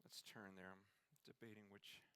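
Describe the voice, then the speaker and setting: A man preaching a sermon at a conference, impassioned and halting, moving from hushed reflection to near-shouting. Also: lowish voice, level tone, smooth. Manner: halting restarts when moved.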